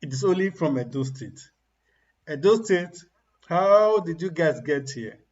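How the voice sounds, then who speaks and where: A man's voice: fairly high pitch, expressive, a little slow, dull audio. Mocking man ranting on a stream. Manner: mocking, ranting, laughs at his targets. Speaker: political commentator. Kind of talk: livestream commentary.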